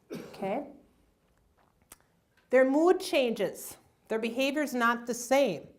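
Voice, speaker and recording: Woman teaching a dementia care class to a crowd, kinda high voice, very animated. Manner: animated, acts out family members' voices. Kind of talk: community health talk to a live audience.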